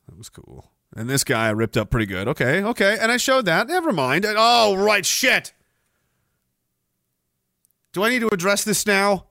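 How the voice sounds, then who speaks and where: Sarcastic ranting man, lively pitch. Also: no room sound, clean studio sound. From Canada. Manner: sarcastic, ranting, swears freely. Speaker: livestream host. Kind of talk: ranting livestream commentary, reading chat and news.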